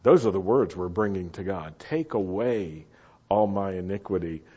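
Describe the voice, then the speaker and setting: A man preaching a sermon, slow and deliberate, repeating key phrases for the congregation to say back. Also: low-pitched, animated, mellow, husky, dull audio. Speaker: pastor.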